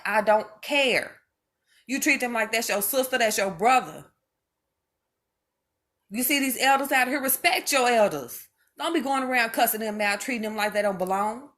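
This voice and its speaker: A woman's voice: fairly high pitch, normal speed, a bit bright. A mother speaking straight to her viewers in an impassioned monologue, emphatic and preachy, hammering home each point by repeating it.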